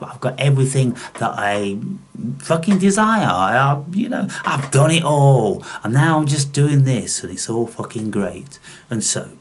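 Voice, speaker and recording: A man's voice: fairly low pitch, slightly rough. A man hosting a spiritual video channel, ranting bluntly at his viewers and swearing constantly with scorn.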